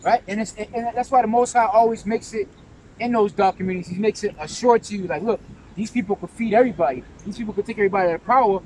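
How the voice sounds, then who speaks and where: A man leads a scripture discussion in a forceful preaching manner. He speaks in a fairly high voice and drives his points home, checking in with "right?" over and over. A faint background noise sits under the recording. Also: fast. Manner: emphatic, keeps asking "right?" and saying "man". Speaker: religious teacher.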